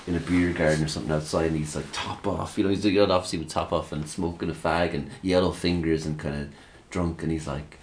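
Homem de voz muito grave rindo muito. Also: male voice, extremely low pitch, fairly even intonation, quick pace, few pauses, slight background noise. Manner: laughs often, acts out quotes. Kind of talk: casual chat.

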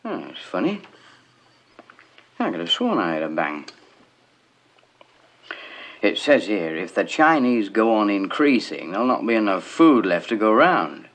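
A man with a northern English accent playing a gruff, grumbling older father in a sixties film. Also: lowish voice, sing-song, a little slow, long pauses, a bit bright, exaggerated voice. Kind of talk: 1960s film acting.

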